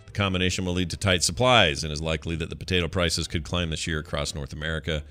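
Bright-toned man reading news jokingly. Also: rumbling low, steady tone, fast, faint music behind. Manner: jokey, breaks into loud put-on voices and laughs. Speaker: podcast co-host. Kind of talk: casual comedic chat, reading news aloud.

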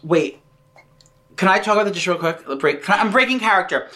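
A man's voice: high-pitched, expressive, fast, pushed and bright. A man hosting a comedic cooking chat, camp, playful and profane. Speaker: host.

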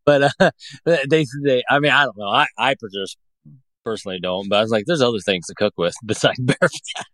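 A man's voice: medium pitch, animated, normal speed, pauses often, fairly bright tone, no echo. A man from the Pacific Northwest chatting casually as a podcast guest, rambling with lots of fillers and restarts. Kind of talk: casual chat.

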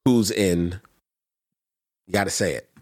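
A man's voice: deep voice, takes it slowly, darkish tone. A man hosting a podcast, chatting casually and moving the conversation between segments. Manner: easygoing, guides the segments. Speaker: podcast host. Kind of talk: casual chat.

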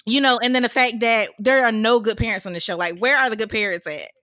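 A woman's voice: a little high, quick pace, bright, forceful tone, dry recording, studio quality. A woman co-hosting a podcast, casually musing about a TV show's characters and agreeing with her co-host. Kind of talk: casual TV recap chat.

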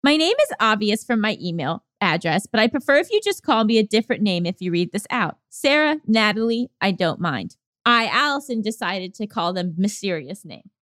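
A woman co-hosting a podcast, chatting casually and reading listener letters, giggly and animated. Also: mid-range voice, moderate pace, no room sound, studio quality. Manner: giggly, animated, laughs often. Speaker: podcast co-host.

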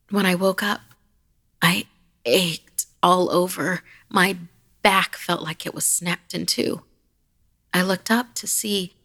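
Horror host, female, low and gravelly; slow, eerie, half-whispered storytelling. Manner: slow, hushed, eerie delivery with whispered passages. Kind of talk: dramatic horror story narration.

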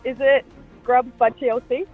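A woman's voice: sits high, flat delivery, normal speed. A woman calling in to a radio quiz, guessing hesitantly. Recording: tinny phone line with music.

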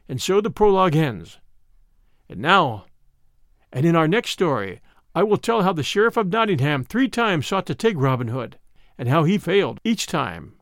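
A man hosting a show reads a classic storybook aloud in a measured, expressive manner. His voice sits fairly high and moves widely in pitch. The recording is close and dry. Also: dry recording. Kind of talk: storybook reading.

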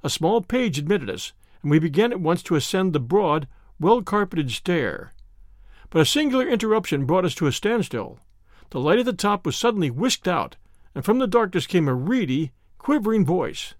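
A man reading a classic detective story aloud in an expressive narration. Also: sits high, moderate pace, no room sound, studio quality.

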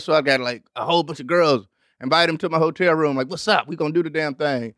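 A young adult man hosting a show, telling a rambling, profane story in an animated way and acting out other people with big jumps in pitch. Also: fast talker, no room sound, clean studio sound. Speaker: host. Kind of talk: storytelling monologue.

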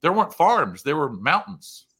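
A man's voice: fairly high pitch, moderate pace, slightly rough. A middle-aged man, co-host of a talk show, telling a casual story and acting out the dialogue of the people he met. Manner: animated, acts out quoted dialogue in the story.

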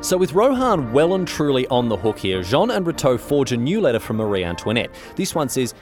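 A man's voice: medium pitch, very animated, fairly quick, hardly any pauses, darkish tone, soft background music. A man retelling history as a chatty, slangy story, full of asides and filler words. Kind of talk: casual storytelling.

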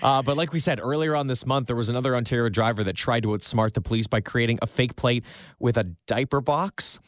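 A man's voice: medium pitch, fast talker, no echo, clean studio sound. A young man co-hosting a radio show, rambling in an easygoing way and laughing often. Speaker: radio co-host. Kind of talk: casual radio chat. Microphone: studio microphone.

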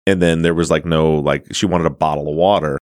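A man hosts a relaxed podcast chat, easygoing and quick to laugh at himself. His voice is very low, recorded dry and close. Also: no echo. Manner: easygoing, laughs often, self-deprecating. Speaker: podcast host. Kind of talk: casual interview chat.

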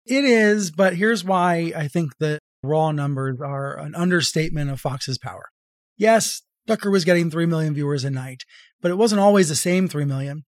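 A man who is an author and journalist, explaining in a measured, clear way as a podcast guest. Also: on the high side, no echo, clean studio sound. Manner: measured, explanatory, reads quotes aloud. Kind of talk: conversational interview.

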